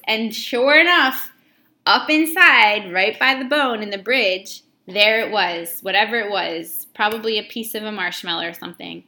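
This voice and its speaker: Bright-voiced woman telling a candid story. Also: fairly high pitch, normal speed. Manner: candid storytelling, swears freely. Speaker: podcast co-host, mother. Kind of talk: casual chat.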